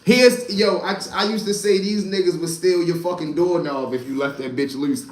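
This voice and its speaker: A man with a high voice and fairly even intonation speaks at normal speed, casually relating a rambling street story full of profanity to a live audience. As a storyteller and channel host, he keeps it loose with lots of asides, and the room echoes noticeably.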